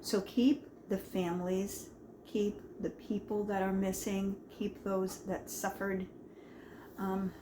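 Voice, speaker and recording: A woman's voice: mid-range voice, little pitch movement, takes it slowly, background noise. A woman chatting casually in her home kitchen as she tastes and talks through her own cooking, rambling and folksy.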